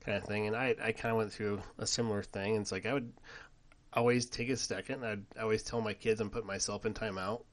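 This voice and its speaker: A middle-aged man co-hosting a podcast, telling family stories in casual chat and getting animated when he quotes his kids. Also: on the low side, quick pace. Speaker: podcast co-host.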